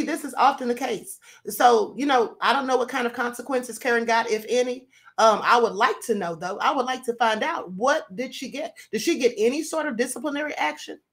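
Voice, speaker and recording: A woman's voice: on the high side, a bit bright. A woman hosting her own show, giving indignant commentary full of rhetorical questions. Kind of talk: casual commentary.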